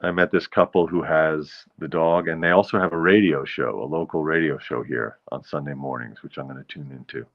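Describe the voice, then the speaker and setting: A man's voice: steady tone, fairly quick, few pauses, highs cut off. A man hosting his own show, chatting in a jokey, rambling way. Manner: jokey, rambling, breaks into falsetto bits. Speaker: show host. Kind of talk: casual solo show chat.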